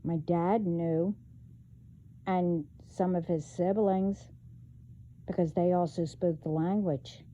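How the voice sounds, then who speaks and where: A woman vlogging in a casual monologue, talking haltingly with many fillers and trailing thoughts. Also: lowish voice, steady tone, mellow, lo-fi sound.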